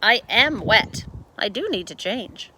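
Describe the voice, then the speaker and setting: Woman reading as a naive storybook housekeeper, high and chirpy. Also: animated, a little slow, sharp tone, a little hiss or hum. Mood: cheerful. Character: literal-minded cheerful housekeeper woman.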